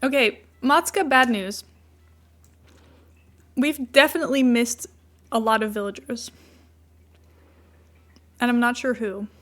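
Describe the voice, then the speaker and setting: A woman with a slightly high voice chats loosely through a game livestream. She rambles from thought to thought and drops into soft cooing whenever her cat comes near. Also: a little slow, pauses often. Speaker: game streamer. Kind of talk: casual livestream chat.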